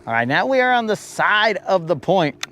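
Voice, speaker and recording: A man streaming live from a boat out on a lake, his voice sitting a little higher than most. He jokes and teases his viewers with playful mock drama. A faint hum of boat and water noise runs under the open-air recording. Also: sing-song, moderate pace, fairly bright tone. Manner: joking, teasing chat viewers, mock-dramatic. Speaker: fishing livestream host. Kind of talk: casual live-stream chat.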